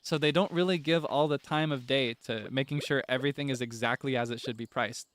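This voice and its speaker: A man's voice: mid-range voice, brisk, a bit bright, smooth. A young man streaming a farming game, chatting casually, laughing often and breaking into dramatic frustrated outbursts. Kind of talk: casual gameplay chat.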